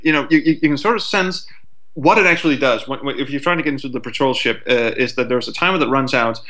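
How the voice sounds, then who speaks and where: A man talking as a guest on a casual podcast, animated and swearing freely, who acts out what a frustrated player would think. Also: medium pitch, quick pace.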